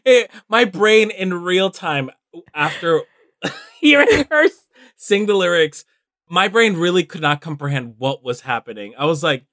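A woman guest co-hosting a casual podcast chat, excitable and breaking into laughter. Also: measured pace, no echo, studio quality. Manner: excitable, bursts into high laughter. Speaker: guest co-host.

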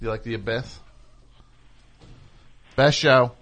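A man's voice: mid-range voice, fairly even intonation, slow pace, a bit bright. A man hosting a radio show, bantering in a sarcastic, combative way with guests and callers. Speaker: host.

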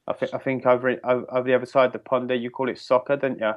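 A man from England with an English accent, a podcast guest speaking candidly and reflectively with halting restarts over a remote call. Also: mid-range voice, flat delivery, muffled recording. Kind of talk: podcast interview.

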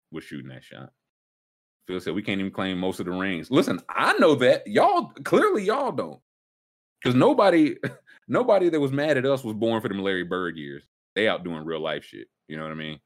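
A man hosting a casual sports talk show, ranting emphatically with sudden jumps up in pitch. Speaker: sports podcast host.

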